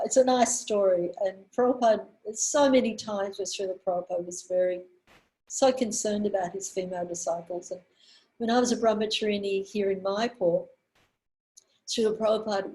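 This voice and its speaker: A woman in her sixties giving a spiritual talk, telling earnest stories with pauses and restarts. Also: medium pitch, mellow, low-quality recording. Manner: earnest storyteller, pausing on fillers and restarts. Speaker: women's minister giving a talk.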